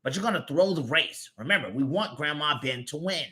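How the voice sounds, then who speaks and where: A man's voice: on the high side, animated, brisk, pushed and bright. A man with a Southern US accent voicing a scheming, greedy little male cartoon creature who talks like a smug huckster.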